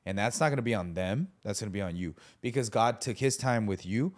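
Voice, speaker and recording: A lower-pitched man talking casually about faith and mentoring. He tells anecdotes with energy and briefly acts out the voices of other people in them. The delivery is conversational and unscripted. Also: lively intonation, a little fast.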